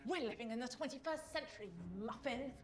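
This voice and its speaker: An actress playing a smug, scheming modern witch in a scripted drama, talking in a slow, condescending, mock-sweet way. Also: high voice, natural voice. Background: music.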